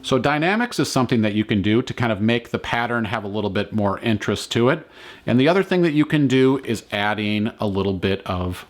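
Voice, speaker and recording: A man teaching a ukulele lesson, explaining calmly and counting beats aloud. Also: on the low side, fairly quick. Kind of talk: instructional lesson.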